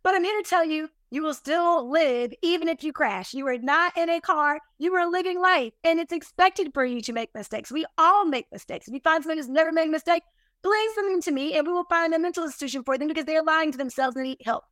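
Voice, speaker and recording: High-pitched woman on a podcast, animated and emphatic, laughing at her own mistakes, dry close sound. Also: fast, no echo. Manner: animated, emphatic, self-deprecating. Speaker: podcast guest, business owner. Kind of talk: casual interview storytelling.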